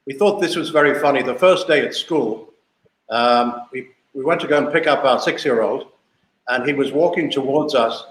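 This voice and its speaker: A man's voice: mid-range voice, moderate pace. An older man in his sixties, originally from South Africa, tells stories as an interview guest. He talks in a chatty, anecdotal way and circles back to repeat his points. The room gives his voice a noticeable echo. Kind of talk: casual storytelling interview. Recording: echoey room.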